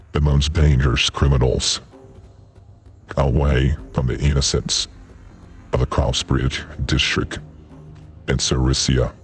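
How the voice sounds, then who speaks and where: A man voicing a towering, bearded male prison warden through a deep voice changer, slow and stern.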